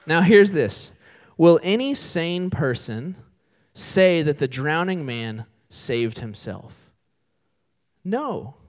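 A man's voice: on the high side, takes it slowly. A young man preaching a sermon in a church, telling a story and acting out its characters. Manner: animated storytelling with voiced characters. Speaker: pastor. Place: church sanctuary.

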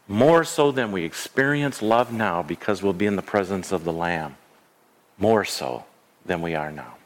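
Middle-aged guy pastor giving a sermon, earnest, repeats himself, church echo hanging long. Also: medium pitch. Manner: earnest, repeats phrases, stammers on restarts. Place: church sanctuary.

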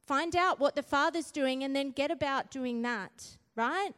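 High-voiced woman preaching in a hall. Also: measured pace, few pauses, a bit bright. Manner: earnest, builds to fiery emphasis, frequent "right?" tags. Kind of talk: sermon. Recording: long hall reverb.

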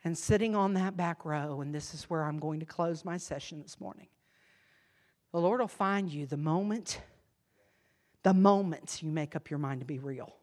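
A woman preaching a sermon, impassioned, swinging from hushed confession to loud emphasis. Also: low-pitched, normal speed. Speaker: church speaker.

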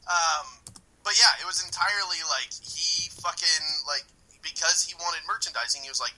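A man co-hosting a casual podcast, ranting in an animated way with frequent profanity. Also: on the high side, moderate pace, low-quality recording. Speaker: podcast co-host.

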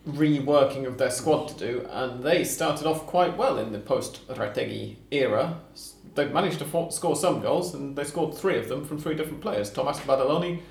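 A man's voice: mid-range voice, moderate pace, gravelly, few pauses, reverberant. A man hosting a casual football podcast, chatty and explaining details for listeners. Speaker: podcast host.

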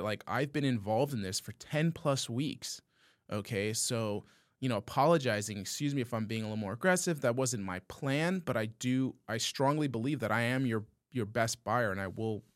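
A man co-hosting a podcast, telling a long story in a casual, animated way and often tagging lines with "okay?". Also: mid-range voice, dry recording, studio quality. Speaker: podcast co-host.

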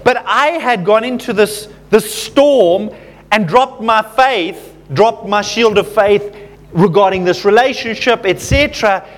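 A man with a notably high voice delivers a sermon to a congregation. He talks casually, with plenty of fillers, and turns personal stories into gentle lessons. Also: unhurried. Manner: conversational, self-deprecating storytelling with fillers. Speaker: pastor.

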